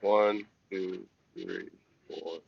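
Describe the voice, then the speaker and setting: A man's voice: low voice, sing-song, extremely slow, vocal fry, dull audio. A man playing a tabletop game, casual and profane, thinking aloud. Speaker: player.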